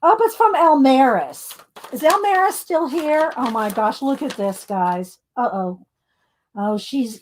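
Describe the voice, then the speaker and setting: A woman's voice: sits high, lively intonation, takes it slowly. A woman chatting casually as she unboxes craft mail. She giggles often, keeps saying "hang on", and sounds a little out of breath. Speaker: craft vlogger. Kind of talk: casual chat.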